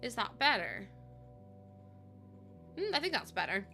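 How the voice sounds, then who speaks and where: Young streamer, woman, bright crisp tone, excitable and quick to laugh. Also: on the high side, slight background noise. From Northern Ireland. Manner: excitable, gushing, breaks into laughter. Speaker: livestreamer. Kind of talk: casual livestream chat.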